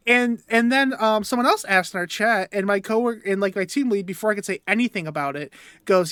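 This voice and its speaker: A young man co-hosting a podcast rambles through a story about himself, laughing between sentences in casual storytelling chat. His voice sits high and a little fast, sharp-toned but smooth, recorded at studio quality with no echo.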